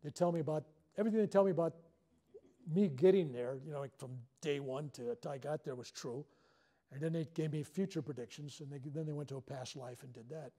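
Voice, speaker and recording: A man's voice: on the high side, a little fast, mellow. A man leading a spiritual workshop, telling a personal story to a live audience in a joking, self-deprecating way.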